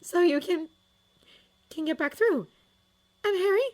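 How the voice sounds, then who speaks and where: A woman voicing a frightened young schoolgirl witch in a high, urgent, breathless voice for a storybook reading. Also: unhurried, darkish tone. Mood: shaky.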